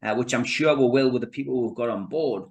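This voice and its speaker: The recording is muffled, but it carries a medium-pitched man speaking fairly quickly in a Geordie accent from North East England. As a podcast guest he chats casually, restarting often and peppering his talk with "you know, mate" for the host.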